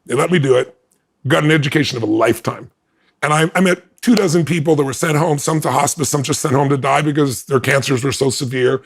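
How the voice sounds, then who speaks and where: A male interview guest tells a personal story with lots of animation, performing the quoted lines with wide leaps in pitch. He talks fast, and his voice is creaky.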